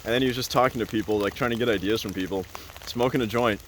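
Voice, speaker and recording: A man's voice: fairly low pitch, fast, a little hiss or hum. A man telling a casual, rambling story as a vlogger, full of "like" and "uh" and laughing often.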